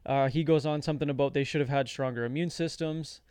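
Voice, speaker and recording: A man's voice: on the high side, fairly even intonation, fast, darkish tone, clean tone, dry recording, clean studio sound. A man co-hosting a podcast, telling a story in casual chat, sarcastic, laughing often and reading posts aloud. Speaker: podcast co-host.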